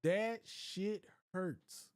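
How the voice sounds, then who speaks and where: A man's voice: high-pitched, extremely slow, darkish tone, no echo, studio quality. An American man streaming live, talking in a casual rant and repeating his points for emphasis. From United States. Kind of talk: casual ranting monologue.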